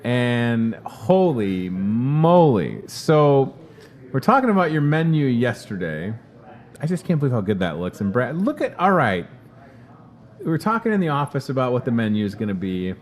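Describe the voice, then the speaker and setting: Energetic man hyping store deals. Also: mid-range voice, normal speed. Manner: energetic, salesy, chatty. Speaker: store promotions host. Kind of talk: upbeat in-store promo chat. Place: supermarket.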